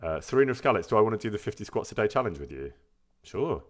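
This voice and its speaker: A man's voice: on the low side, sing-song, fast talker. A man, chatting casually on a live stream and answering viewer questions, self-deprecating and laughing often. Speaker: streamer and actor.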